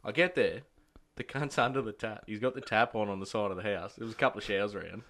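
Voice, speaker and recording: A man's voice: lowish voice, fast talker, fairly bright tone. A young Australian man, a podcast co-host, telling crude work stories in a casual chat and acting out the people in them. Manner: swears a lot, acts out quotes.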